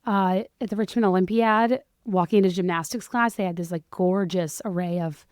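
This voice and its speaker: Hoarse chatty woman podcast host. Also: medium pitch, fairly even intonation, normal speed, a little mellow, dry recording, studio quality. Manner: chatty, self-deprecating, rambling asides. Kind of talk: casual solo podcast chat.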